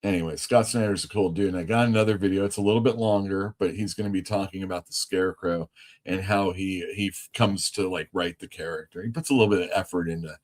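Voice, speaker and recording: A comic shop owner hosting a casual livestream, rambling through anecdotes with many fillers. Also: male voice, sits low, steady tone, fast. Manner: rambling, lots of fillers, laughs easily.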